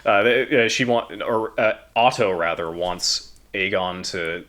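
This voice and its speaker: A man's voice: fairly low pitch, measured pace. Joking American man podcast co-host. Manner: relaxed, joking, mock impressions of characters. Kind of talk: casual chat.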